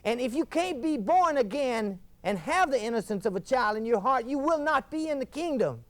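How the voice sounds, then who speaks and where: An actor playing a fiery male TV preacher, delivering a folksy fire-and-brimstone sermon with wild swings in pitch. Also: expressive, normal speed, fairly bright tone. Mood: preaching. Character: fiery male TV preacher thundering about damnation. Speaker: televangelist. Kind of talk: scripted mock TV sermon.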